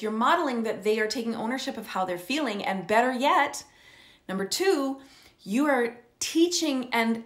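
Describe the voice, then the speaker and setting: A middle-aged woman coaches parents in an earnest, explanatory way, checking in with her listeners as she goes. Her voice sits a little high. The room gives it a noticeable echo. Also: a bit bright. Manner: earnest, checks in with frequent "okay?" and "right?". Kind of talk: teaching talk to parents. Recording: roomy echo.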